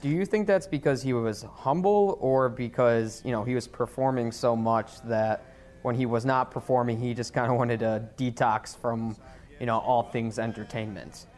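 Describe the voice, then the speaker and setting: A man's voice: medium pitch, normal speed, a little mellow. A man interviewing a guest, asking curious conversational questions.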